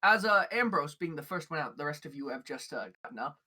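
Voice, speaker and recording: A woman's voice: low voice, expressive, fast, crowd noise. Rambling woman running a tabletop game. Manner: rambling, many fillers. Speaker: game master.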